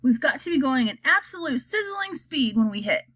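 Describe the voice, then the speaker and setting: A woman's voice: high-pitched, very animated, moderate pace, a bit bright, voice pushed up. A woman voicing a whimsical, eccentric male chocolate maker, grand and teasing in a storybook reading.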